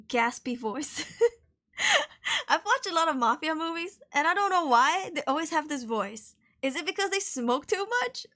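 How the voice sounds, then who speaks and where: A woman's voice: high voice, pushed and bright. A woman streamer chatting through a game trailer watch-along, giggly and reactive.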